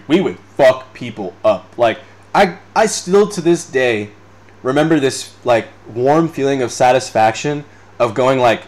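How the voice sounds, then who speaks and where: Young guy rambling on his podcast, swearing a ton, laughing a lot, mid pitch, just chatting off the cuff. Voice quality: rambling, profane, laughs often. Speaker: podcast host. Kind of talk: unscripted casual chat reading live comments.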